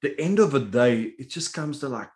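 A man's voice: mid-range voice, expressive, a little fast. A middle-aged man, a retired rugby player and coach, hosting an interview with easy enthusiasm. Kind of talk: casual interview chat.

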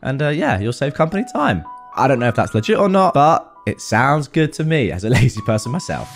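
A man's voice: a little high, fairly quick. A man reading reddit posts aloud and adding wry comments, with faint music behind him. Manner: wry, animated commentary with frequent laughs. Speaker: reddit storytime host.

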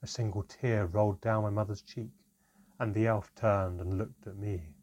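In a low, husky voice, a man reads a first-person fantasy storybook aloud, measured and expressive. He narrates steadily and adds color to tense moments; the recording is muffled.

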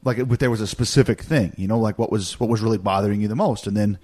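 A man's voice: fairly low pitch, fast, darkish tone. A man co-hosting a podcast in casual chat, earnestly explaining himself at length with restarts. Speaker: podcast co-host.

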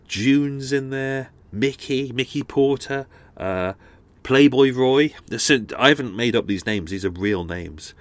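A man's voice: medium pitch, dry recording. A man hosting a true crime podcast, rambling casually with many fillers and restarts. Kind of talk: casual chatty outro.

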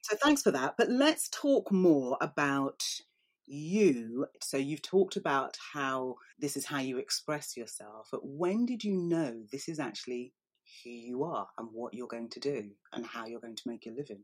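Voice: medium pitch, animated, measured pace. An interviewer asking earnest, appreciative questions in a conversational way.

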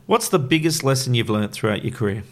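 Young male interviewer, gravelly mid voice, short encouraging interjections. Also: mid-range voice, big pitch swings, fast talker. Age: young adult. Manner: brief encouraging interjections, plain direct questions. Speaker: interview host. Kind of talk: casual interview chat.

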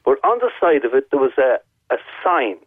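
A man's voice: medium pitch, very animated, brisk, no room sound. A man with an Irish accent calling in to a radio show and telling a long story in vivid detail, repeating his points for emphasis. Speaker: caller. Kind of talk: phone-in storytelling. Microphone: telephone. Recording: tinny phone line.

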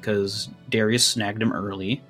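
A man's voice: fairly low pitch, flat delivery, a little slow, over music. A man acting as game master, narrating a tabletop game in tense second person, then explaining rules casually.

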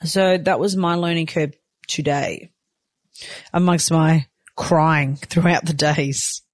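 Candid, chatty new mum. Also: female voice, deep voice, fairly even intonation, takes it slowly, no room sound, clean studio sound. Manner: open, emotional, chatty with many fillers. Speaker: new mother vlogger. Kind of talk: candid personal vlog.

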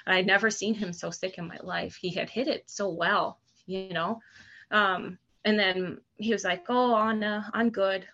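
A woman in her thirties shares a personal story as a podcast guest, candid and halting, often restarting her sentences. Her voice has a gravelly creak, and the recording sounds a little dull. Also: lowish voice, steady tone, bright, forceful tone. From Canada. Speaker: guest, TV news host.

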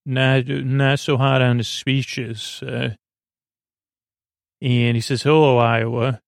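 A man's voice: mid-range voice, level tone, takes it slowly, creaky, clear, resonant tone, no room sound, clean studio sound. A man hosting a sleep-aid podcast, recapping an episode in a meandering, hesitant way as he thinks aloud. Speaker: podcast host.

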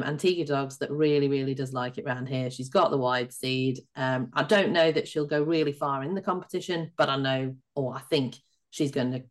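Low-voiced woman hosting a betting podcast. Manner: brisk, runs through lists and hands over to guests. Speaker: podcast co-host. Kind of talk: betting preview chat.

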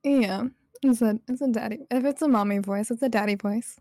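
A woman guest on a casual streamed podcast, speaking in a soft, sultry, teasing voice. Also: a little high, fairly quick, dry recording, studio quality. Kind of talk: casual livestream chat.

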